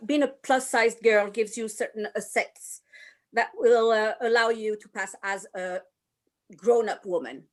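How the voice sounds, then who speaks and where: Older french lady on a video call, chatty guest, kinda high voice. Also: measured pace. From France. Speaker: guest, burlesque performer.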